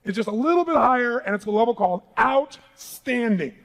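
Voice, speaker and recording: A man's voice: very high voice, expressive, brisk, hardly any pauses, a bit bright, poor audio. A man giving a live seminar speech as a motivational speaker, emphatic and rallying the crowd with call-and-response questions. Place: large seminar hall.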